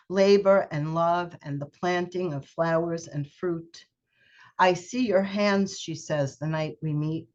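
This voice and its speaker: A woman poet reading her poems aloud on a video call, in a measured, unhurried way. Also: lowish voice. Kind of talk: poetry reading. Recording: muffled video call audio.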